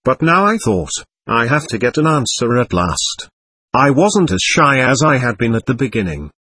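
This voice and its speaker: A man's voice: mid-range voice, big pitch swings, moderate pace, bright, forceful tone, slightly rough, no echo. A man reading a first-person story aloud in a plaintive, earnest way. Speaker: narrator.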